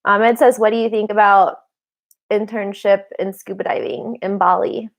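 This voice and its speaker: A woman in her thirties chats on a livestream in an easy, rambling way, reading out and answering viewer questions. She laughs often and sounds a little tired. Her voice sits at an ordinary middle pitch. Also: fairly even intonation, normal speed, creaky. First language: English. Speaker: livestream host. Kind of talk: casual livestream chat.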